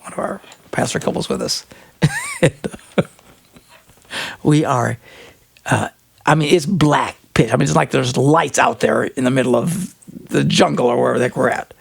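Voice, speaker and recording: A man hosting an advice talk show, telling a comic story in an animated way and laughing often mid-sentence. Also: medium pitch, normal speed, gravelly, pauses often, breathy edge. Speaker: radio show host. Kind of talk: comedic relationship advice talk.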